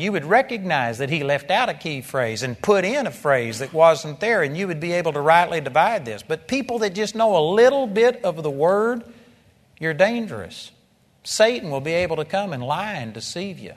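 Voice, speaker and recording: A man preaching a sermon to a congregation, impassioned and repetitive, building to emphatic peaks. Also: a little high. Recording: long reverb of a large hall.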